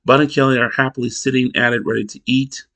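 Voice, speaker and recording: A man reviewing a sitcom episode in casual narration, rambling and halting with many restarts. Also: medium pitch, flat delivery, a bit bright.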